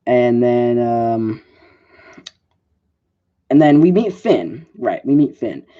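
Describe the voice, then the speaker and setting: Rambling man with a lively voice. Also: mid-range voice, slow pace, narrow, tinny audio. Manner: rambling, lots of "like" and fillers, self-correcting. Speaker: film reviewer. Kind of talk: casual movie review.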